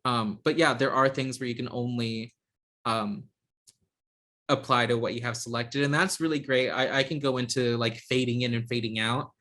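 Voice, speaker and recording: A man leads an online software class from a video call mic. His talk is hesitant, with frequent ums and false starts, and sits at an ordinary middle pitch. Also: fairly even intonation, moderate pace. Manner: hesitant, lots of ums and restarts. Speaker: instructor.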